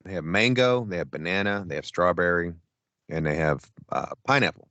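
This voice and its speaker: A man's voice: sits low, moderate pace, dry recording. A man co-hosting a podcast, telling a rambling story in casual, profane chat and acting out his own quotes. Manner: animated, profane, acts out quotes. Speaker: podcast co-host.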